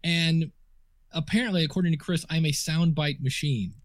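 A man's voice: on the high side, moderate pace, dry recording, studio quality. A man guesting on a podcast interview, telling chatty anecdotes full of quoted dialogue and fillers. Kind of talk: casual storytelling interview. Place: home office desk.

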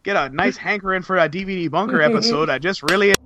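A man's voice: high voice, fast, lo-fi sound, heavy background noise, lightly acted. A man putting on a folksy mock Canadian accent as a friendly Canadian man.

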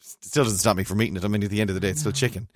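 A man, co-hosting a casual chat and telling rambling, animated stories full of restarts. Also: lowish voice, rapid-fire, dry recording, clean studio sound. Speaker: podcast co-host.

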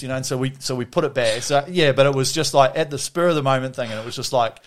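A man's voice: medium pitch, quick pace, fairly bright tone, a little hiss or hum. A middle-aged man telling a story as a podcast guest, rambling, swearing freely and restarting his sentences. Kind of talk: casual storytelling.

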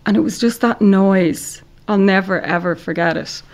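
Irish woman guest on a podcast, chatty storyteller, says like a lot, mid-pitched voice. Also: moderate pace. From Ireland. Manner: animated storyteller, heavy use of "like". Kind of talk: casual interview storytelling.

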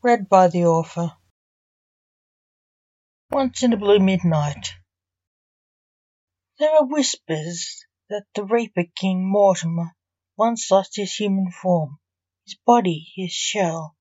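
A woman, the author, reading her own story aloud in slow, measured storybook narration. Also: medium pitch, expressive, dark tone, no echo, highs cut off.

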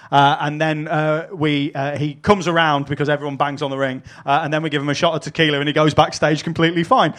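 A man hosts a live podcast before an audience. He swears freely and tells his stories with animated energy and frequent laughs. His voice sits a little high for a man. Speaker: podcast host and wrestling promoter.

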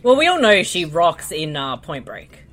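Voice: mid-range voice, wildly swooping pitch, normal speed, fairly bright tone. A co-host chatting bluntly and crudely through a movie watch-along. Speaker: podcast co-host.

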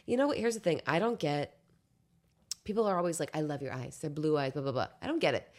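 A young woman chatting casually as a podcast guest, animated and swearing freely, sometimes dropping into soft cooing whispers. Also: sits low, fast talker. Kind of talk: casual chat.

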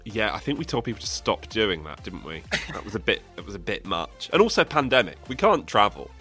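Male co-host, lower voice, lively pitch, rambling and self-mocking, faint music underneath. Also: brisk. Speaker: podcast co-host. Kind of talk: casual chat.

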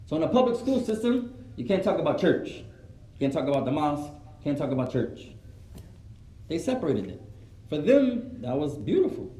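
High-voiced man teaching. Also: moderate pace. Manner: animated, acts out quoted voices, mixes in Arabic phrases. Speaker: Islamic teacher. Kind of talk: religious lesson to a live gathering. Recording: roomy echo.

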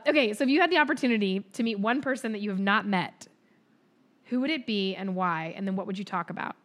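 A woman's voice: medium pitch, fast. A woman hosting a podcast in casual chat, enthusiastic and affirming. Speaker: podcast host.

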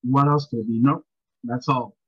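A man's voice: medium pitch, steady tone, normal speed, slightly rough, dry recording, lo-fi sound. A man guesting on a podcast, chatting casually about a movie in a rambling way, often saying "you know.". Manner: rambling, repeats words and restarts, says "you know" often. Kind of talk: casual movie review chat.

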